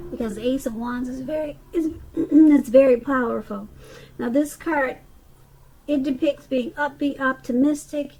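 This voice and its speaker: A woman's voice: sits high, a little mellow, low-quality recording. A woman giving a casual tarot reading, chatty and loose, often restarting sentences and saying "okay". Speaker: tarot reader.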